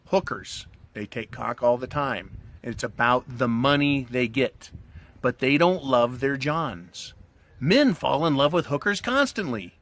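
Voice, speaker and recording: There's a little hiss or hum behind this middle-aged man's mid-range, fairly bright voice. Hosting a commentary channel, he smokes a cigar while rambling crudely and bluntly to the camera, asking "right?" repeatedly.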